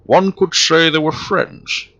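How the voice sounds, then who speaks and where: A man reading a solemn male game character's advice in a slow, measured, raised voice. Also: a little high, fairly even intonation, pushed and bright, lo-fi sound, voice pushed up.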